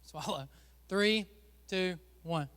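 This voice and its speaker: A man with a high voice leads a lighthearted sermon from a church stage. He jokes and teases the people up front with him, in a chatty, upbeat way. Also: slow pace, a bit bright, in a large hall. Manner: joking, chatty, teasing the volunteers. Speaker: pastor. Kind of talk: playful sermon with a stage game.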